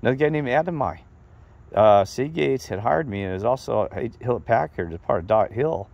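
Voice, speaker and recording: A middle-aged man telling a rambling, animated story in a casual monologue to his viewers. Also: medium pitch, a little fast, vocal fry, dull audio. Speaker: vlogger.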